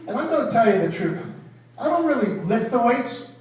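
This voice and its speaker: Very high-pitched and very animated, an older stand-up comedian talks a little fast as he meanders through self-deprecating material, drifting off in the middle of jokes. It's recorded from afar in an echoey comedy club, with the audience laughing.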